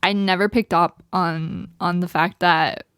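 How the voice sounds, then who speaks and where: A woman's voice: fairly low pitch, steady tone, measured pace, fairly bright tone, clean tone, no room sound, clean studio sound. A woman co-hosting a podcast in casual chat, talking in an emotional way and laughing often. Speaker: podcast co-host.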